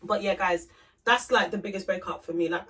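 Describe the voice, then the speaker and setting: A woman's voice: medium pitch, fairly quick, fairly bright tone. A young woman, co-hosting a podcast and telling a personal story in casual chat, acting out both sides of the conversation. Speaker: podcast co-host. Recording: voice from a distance off the mic.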